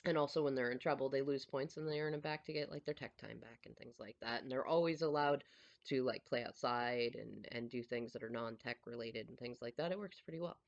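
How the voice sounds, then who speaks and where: A mother chatting casually as she tells a family story, animated and laughing often. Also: rumbling low, a little fast, lo-fi sound.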